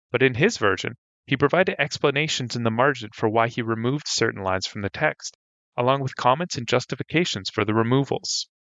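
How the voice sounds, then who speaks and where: A man hosts an educational podcast, narrating a scripted lesson with light enthusiasm and humor. His medium-pitched voice is a bit bright with vocal fry, and the recording is dry and slightly dull.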